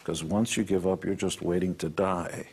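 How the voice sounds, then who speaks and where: A man's voice: deep voice, steady tone, normal speed, creaky, a little mellow, slightly rough. A man being interviewed on a television talk show, talking in a blunt, preachy way with the odd self-mocking laugh. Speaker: interview guest. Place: television studio.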